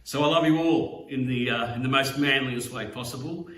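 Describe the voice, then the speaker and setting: An Australian man giving a heartfelt, halting video message to his slot car friends, often swearing and pausing on fillers. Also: medium pitch, fairly bright tone. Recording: roomy, distant mic, faint background hum.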